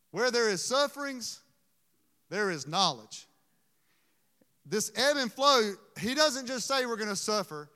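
Male pastor, sermon. Emotional, halting delivery. Smooth, clear tone carrying through a reverberant church hall. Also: sits high, pushed and bright. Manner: earnest, emotional, halting restarts.

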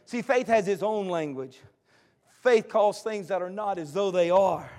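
A man preaching a sermon to a congregation, impassioned and repetitive, breaking into shouts. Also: high voice, measured pace.

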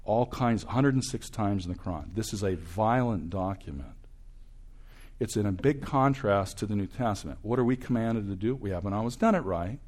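A man in his sixties preaching with a fairly low voice. He presses his points hard, then drops to near-whispered asides. He sounds like a seasoned speaker who talks to students. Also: expressive, normal speed. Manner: emphatic, swings from loud bursts to hushed asides. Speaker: campus ministry speaker. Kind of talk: preaching talk to an audience.

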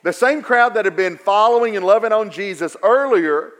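A man preaching a sermon, swinging from quiet stretches to raised, emphatic repetition. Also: high-pitched, lively intonation, moderate pace. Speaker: pastor.

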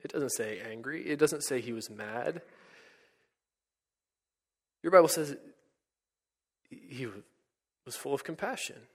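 Male pastor, mid-pitch, earnest sermon delivery, long church reverb. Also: slow, long pauses, slightly rough. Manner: earnest, rising to emphatic peaks then dropping to hushed lines.

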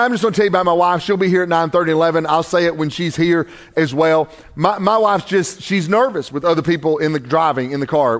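High-voiced pastor preaching with big swings. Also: male voice. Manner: swings from quiet intimate asides to loud raised preaching; conversational, joking storyteller. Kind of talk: sermon.

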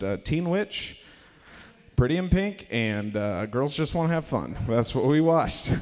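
A man's voice: mid-range voice, a little mellow, in a large hall. A young man telling a rambling, self-mocking stand-up story at a live comedy venue, acting out quotes in raised voices.

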